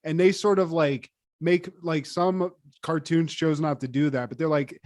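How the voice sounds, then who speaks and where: Guy rambling about cartoons on a podcast, kinda high voice, dry sound, swears a lot. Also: moderate pace, hardly any pauses, no echo. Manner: animated, profane, lots of fillers. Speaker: podcast co-host. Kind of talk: casual chat.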